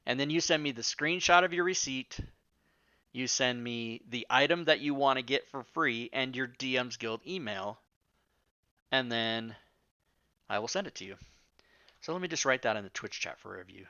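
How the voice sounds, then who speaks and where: A man's voice: mid-range voice, moderate pace, long pauses, bright, forceful tone, no room sound, muffled recording. A man hosting a live-streamed talk show, chatting casually and rambling off on tangents with the odd swear word. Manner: rambling, profane, self-interrupting.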